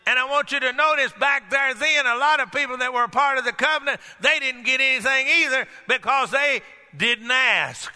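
High-pitched, bright-voiced preacher man. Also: fairly quick, hardly any pauses, clear, resonant tone. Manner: emphatic, rises to shouts, asks the congregation questions. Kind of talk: sermon. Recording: echoey hall with long reverb.

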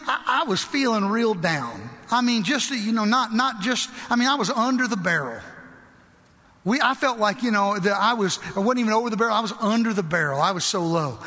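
A man preaches in a high, bright voice, pressing his points with fervent conviction and building toward loud exclamations. His words carry a long reverb, as if spoken in a large church hall. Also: lively intonation, fairly quick. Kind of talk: sermon.

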